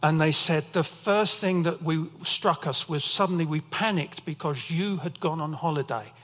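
A man's voice: fairly high pitch, moderate pace, fairly bright tone, in a large hall. A man preaching a sermon as pastor, telling personal stories as testimony. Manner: storytelling, emotional testimony.

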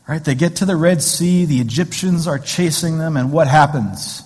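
A man's voice: fairly high pitch, normal speed, a little mellow. A man pastor giving a conversational sermon in a church sanctuary, with joking asides and rhetorical questions, heard with long hall reverb.

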